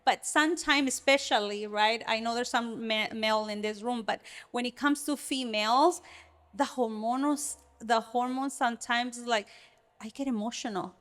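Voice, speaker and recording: A woman co-hosting a podcast for child care providers, talking in an earnest, animated way with frequent restarts. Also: on the high side, moderate pace. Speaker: podcast co-host. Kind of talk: casual podcast conversation.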